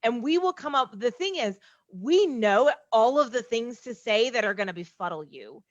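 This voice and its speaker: A woman's voice: fairly high pitch, animated, normal speed, dry recording. Female sales coach, confident explainer, dull dry video-call audio. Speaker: sales trainer. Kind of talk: casual conversation.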